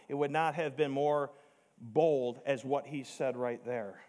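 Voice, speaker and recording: A man preaching a sermon, emphatic, slowing down to stress key words and rising to near shouts on key points. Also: mid-range voice. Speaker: pastor.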